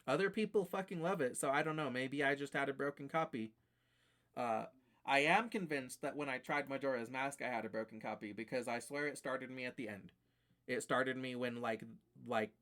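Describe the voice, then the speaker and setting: A man's voice: mid-range voice, normal speed, a bit bright. A man streaming live, ranting casually and profanely about games that beat him, rambling with fillers.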